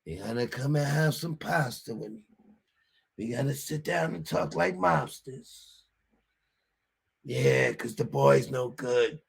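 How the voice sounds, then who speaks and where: Gravelly wise-guy mobster, a man putting it on. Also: medium pitch, voice pushed up, heavily acted. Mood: wheedling. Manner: wheedling gangster talk, drawn-out name calling.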